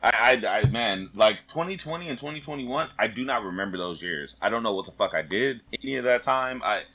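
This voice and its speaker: A man's voice: medium pitch, expressive, fairly quick, bright, forceful tone, rough recording. A young man co-hosting a podcast, telling stories in a loose, profane way and laughing as he talks. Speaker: podcast co-host. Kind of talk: casual chat.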